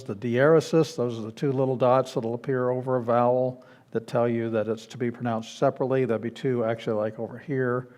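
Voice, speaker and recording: A man with a mellow, warm voice lectures a beginners' Greek class in a church classroom. He explains patiently, often restarting his sentences and filling pauses as he goes. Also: mid-range voice. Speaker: Greek teacher.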